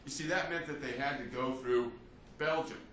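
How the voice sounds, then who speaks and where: A man's voice: medium pitch, moderate pace, fairly bright tone, slight background noise. A male history teacher giving a conversational classroom lecture, often checking in with "you see" and "right?" as he talks. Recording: roomy, distant, faint ambience.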